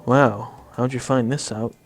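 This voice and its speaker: A man's voice: mid-range voice, fairly even intonation, unhurried, vocal fry, faint music behind. A man hosting a let's play, commenting on the game casually with a sarcastic, sweary, self-mocking manner.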